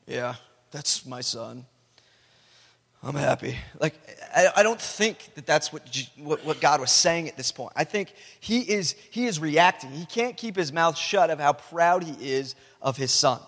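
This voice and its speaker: Male pastor, a bit high-voiced, chatty sermon delivery, long church-hall reverb. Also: expressive, normal speed, hardly any pauses, a bit bright. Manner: conversational, repeats words when restarting.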